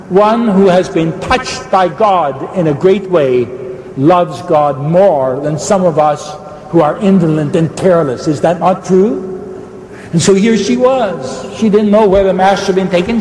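A man preaching a sermon in a debate, fervent and fast-talking, swooping up high for emphasis and restarting mid-sentence. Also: darkish tone, reverberant, big-room sound, a little hiss or hum, low-quality recording.

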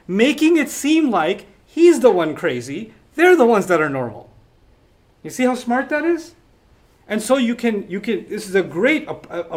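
A man teaching a class on scripture in an emphatic, explanatory way, often checking in with rhetorical questions. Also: high-pitched. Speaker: religious teacher.

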